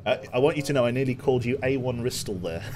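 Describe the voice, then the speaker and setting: A man's voice: medium pitch, quick pace, a little mellow, a little hiss or hum. A young man streaming a video game, chatting and joking with his viewers while he plays. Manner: chatty, joking, talks to chat while playing. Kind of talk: casual gameplay commentary.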